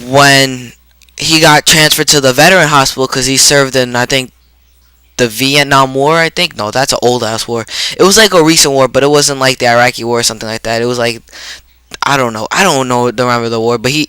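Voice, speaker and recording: A teenage boy vlogging a personal story in a halting, rambling way, full of fillers and restarts. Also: mid-range voice, bright, forceful tone, clean tone, no echo, poor audio. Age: teens.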